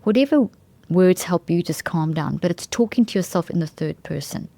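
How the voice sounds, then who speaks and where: Woman host, enthusiastic explainer, mellow tone, dry close sound. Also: lowish voice, moderate pace, gravelly, dry recording. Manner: enthusiastic, emphatic, restarts phrases mid-sentence. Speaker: podcast host. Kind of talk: explanatory talk on brain science.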